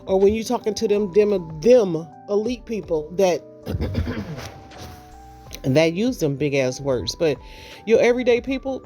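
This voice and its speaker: A woman's voice: medium pitch, takes it slowly, pauses often. Middle-aged woman cussing freely, talking straight to camera, faint music under it. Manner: blunt, profane, animated storytelling with mocked voices. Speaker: vlogger. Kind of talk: casual monologue.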